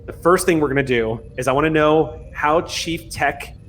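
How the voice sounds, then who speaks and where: A man running a tabletop role-playing game as game master, narrating and setting rolls in a relaxed, chatty way. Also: a little high, moderate pace, soft background music. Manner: relaxed, chatty, with fillers and laughs.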